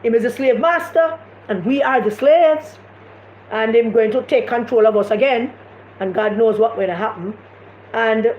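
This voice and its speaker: A woman's voice: on the high side, darkish tone. A woman with a Jamaican accent giving impassioned political commentary on a live stream, repeating her points with emphasis. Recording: echoey room, dull lo-fi sound, faint noise.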